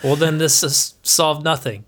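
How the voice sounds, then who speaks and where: A man's voice: a little high, measured pace, a bit bright, a little hiss or hum. A man playing a tabletop role-playing game, joking in a dry way. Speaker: player.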